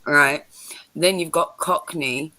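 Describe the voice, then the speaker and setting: A woman's voice: deep voice, steady tone, slow pace, bright, forceful tone. A woman with a London accent, chatting casually and animatedly on a livestream, swearing and laughing often. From London, England. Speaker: livestream host. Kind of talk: casual chat. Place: home, livestream.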